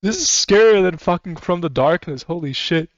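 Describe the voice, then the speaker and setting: A man's voice: high voice, expressive, moderate pace, no echo. A man streaming, chatting casually and rambling with frequent swearing and laughter. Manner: rambling and profane, laughs often. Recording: slightly muffled dry mic.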